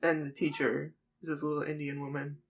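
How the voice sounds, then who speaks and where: Gravelly-voiced podcast co-host. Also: medium pitch, completely flat delivery, brisk. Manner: supportive listener with short backchannels and laughs. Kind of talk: casual podcast chat.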